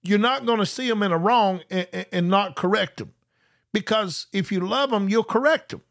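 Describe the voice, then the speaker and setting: Preacher, male, high voice; drawn-out scripture reading, loose restarts between verses. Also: a bit bright. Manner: slows down to read scripture with emphasis; repeats words and restarts mid-sentence. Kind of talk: live-streamed sermon.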